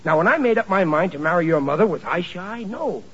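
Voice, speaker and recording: A blustering, ungrammatical working-class father, his voice high and swinging all over the place. He sounds flustered, and the recording is a muffled old 1940s radio broadcast. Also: expressive, brisk, breathy edge. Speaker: sitcom lead. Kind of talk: 1940s radio sitcom acting.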